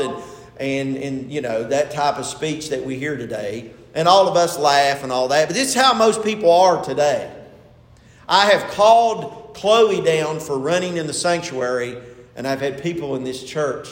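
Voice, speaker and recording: Man, pastor, sermon, high voice, storytelling, emphatic, echoey sanctuary. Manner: retells a story with acted quotes, rising to emphatic preaching.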